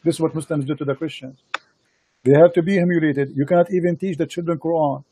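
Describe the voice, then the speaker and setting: Dark-toned man pressing hard in debate. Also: fairly high pitch, fairly even intonation, slight background noise. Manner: insistent, repeats phrases, halting non-native English. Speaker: host of a live debate stream. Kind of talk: heated debate.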